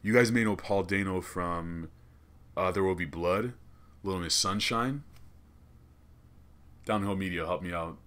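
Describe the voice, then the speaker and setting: A young man hosting a comedy podcast, rambling and cursing in an excitable way from a small studio. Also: deep voice, unhurried, pauses often. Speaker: podcast host. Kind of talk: casual comedic podcast rant.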